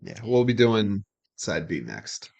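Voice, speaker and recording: A man co-hosting a casual album review, mostly giving brief relaxed replies. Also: lowish voice, slow, gravelly, breathy edge. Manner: brief, laid-back replies. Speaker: co-host of a music review channel. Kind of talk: casual chat.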